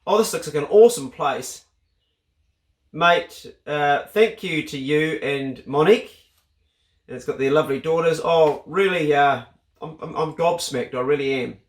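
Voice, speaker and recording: A New Zealand man vlogging casually, excitable and swearing freely as he unpacks a parcel. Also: fairly high pitch, measured pace, echoey room. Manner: excitable, swears freely, bursts into loud exclamations. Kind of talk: casual vlog unboxing.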